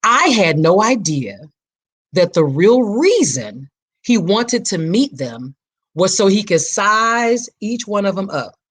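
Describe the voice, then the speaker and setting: A woman's voice: medium pitch, very animated, slow, breathy edge. A woman in her forties hosting a podcast, talking in an emphatic, preacher-like way and repeating her key phrases. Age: 40s. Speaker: podcast host. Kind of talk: personal reflective podcast talk.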